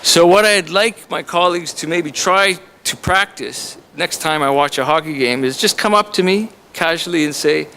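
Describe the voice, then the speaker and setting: A man's voice: fairly high pitch, normal speed, few pauses, pushed and bright, slight background noise. A man, a college instructor, introducing a visiting author to an audience in a chatty, joking way. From Canada. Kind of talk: humorous introduction speech to an audience. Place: college lecture room.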